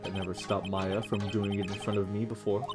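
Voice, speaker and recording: A man's voice: lowish voice, little pitch movement, a little fast, music in the background, voice pushed down, natural voice. A man voicing a wry young male lawyer in his own near-everyday voice, reading game dialogue aloud on a stream. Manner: dry, wry, understated.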